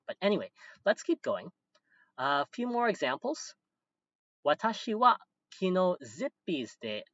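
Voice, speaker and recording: A man explains Japanese grammar at a patient, steady pace, going through each word of his examples and pausing on the odd filler. His voice sits at an ordinary middle pitch. The recording is dry and a little dull, with no room sound. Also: dry recording. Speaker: Japanese language teacher.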